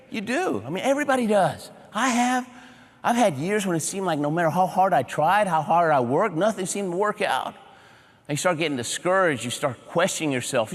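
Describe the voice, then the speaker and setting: Animated man speaking in a reverberant hall. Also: sits high. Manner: animated, punchy short phrases with audience check-ins. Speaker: motivational keynote speaker. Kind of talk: humorous motivational storytelling. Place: large auditorium before a big audience.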